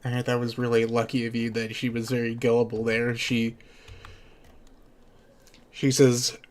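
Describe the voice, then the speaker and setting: A man's voice: medium pitch, completely flat delivery, moderate pace. A man narrating as game master of a tabletop game, often restarting his phrases as he voices the characters.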